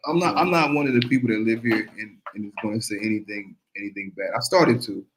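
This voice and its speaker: A man's voice: on the low side, quick pace, noisy background. A man in a casual chat who talks hesitantly, restarting and choosing his words carefully.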